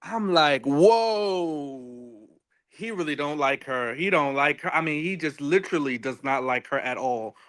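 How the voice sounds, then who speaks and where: Male co-host, slightly high voice, rambling casual recap, lots of ums while he hunts for words. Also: lively intonation, normal speed, hardly any pauses, sharp tone. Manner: rambling, searches for words with many fillers. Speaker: podcast co-host. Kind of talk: casual reality-show recap chat.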